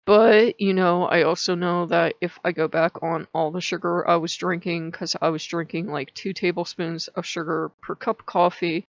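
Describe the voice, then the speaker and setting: A middle-aged woman chatting casually in a rambling vlog, her pitch often jumping up mid-sentence. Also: fairly even intonation, moderate pace, creaky, few pauses, no room sound, highs cut off. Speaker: vlogger. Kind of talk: casual spiritual vlog chat.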